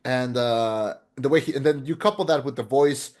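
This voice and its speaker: A man co-hosting a podcast, chatting casually about a film, animated and rambling with lots of restarts and fillers. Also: mid-range voice, moderate pace. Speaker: podcast co-host. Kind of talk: casual film review chat.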